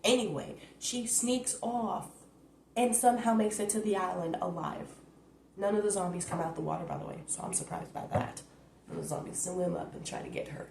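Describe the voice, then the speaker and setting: A woman's voice: lowish voice, normal speed, creaky, darkish tone, reverberant, a little hiss or hum. A woman vlogger giving a blunt, profane, rambling recap, recorded on her phone. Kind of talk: casual rant recap.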